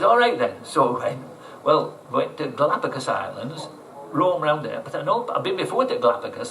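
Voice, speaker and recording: A man's voice: fairly high pitch, a bit bright. Rambling older man. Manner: rambling, salty, chuckling raconteur. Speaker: interview guest, motorcycle traveller. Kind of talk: casual storytelling. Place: outdoor event. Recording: roomy, distant, faint background noise.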